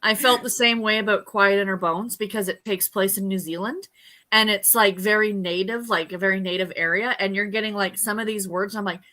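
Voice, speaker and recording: A woman's voice: mid-range voice, steady tone, fairly quick, sharp tone. A woman co-hosting a casual livestream who often chimes in and agrees.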